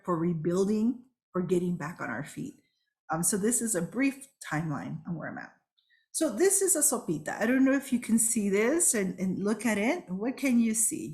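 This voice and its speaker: A woman with a somewhat low voice gives a webinar talk. She tells her stories in an earnest, reflective way. She speaks over a video call. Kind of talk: storytelling talk.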